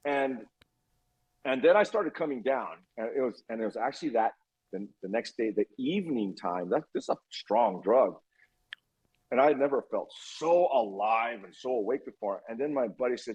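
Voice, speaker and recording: A man's voice: medium pitch, moderate pace, husky, muffled recording. A man in his fifties telling a story as a podcast guest, acting out the dialogue with lots of swearing. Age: 50s. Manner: animated, acts out quoted dialogue, frequent swearing. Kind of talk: storytelling interview chat.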